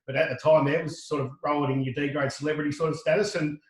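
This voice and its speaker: A middle-aged Australian man, a podcast guest, tells a lively anecdote full of restarts and quoted dialogue. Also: on the high side, quick pace, reverberant, rough recording. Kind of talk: casual storytelling.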